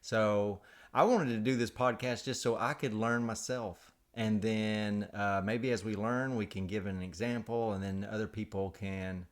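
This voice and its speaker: A man's voice: fairly low pitch, fairly even intonation, a little slow, hardly any pauses. A man from Alabama, co-hosting a casual podcast chat in a joking, self-deprecating way with many fillers. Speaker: podcast co-host.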